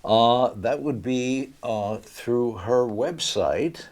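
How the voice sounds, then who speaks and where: An older man, a guest in a casual interview, telling stories in a halting way with many pauses. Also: medium pitch, a little mellow. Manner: hesitant, halting storytelling with many uhs.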